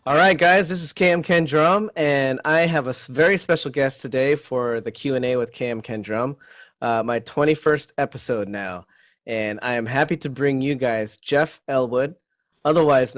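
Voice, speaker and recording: A man's voice: medium pitch, moderate pace, a bit bright, no room sound. A man hosting an online interview in a casual, friendly way, often restarting his sentences. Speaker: interview host.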